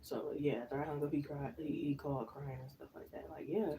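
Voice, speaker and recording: Mellow-voiced woman chatting from a distance. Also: low-pitched, fairly even intonation, fairly quick. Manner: chatty, slangy storytelling with frequent laughs. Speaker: tarot reader. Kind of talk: casual live-stream chat.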